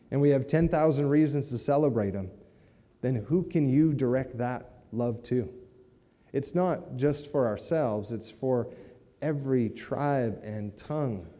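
A man's voice: mid-range voice, dark tone. A man preaching a sermon in a conversational way, often checking in with his listeners by asking "right?" and "amen?". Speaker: pastor. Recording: long hall reverb.

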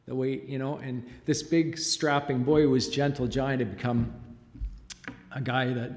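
A man's voice: mid-range voice, flat delivery. Choked-up father's testimony in echoing hall. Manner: halting, choked up, frequent pauses and fillers. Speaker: father giving a testimony in church. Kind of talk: emotional church testimony. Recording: long reverb of a large hall.

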